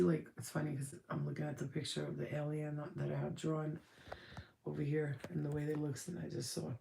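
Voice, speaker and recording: A woman's voice: sits low, vocal fry, darkish tone, reverberant, slight background noise. A woman giving a casual channeled spirit reading, rambling and blunt, swearing freely.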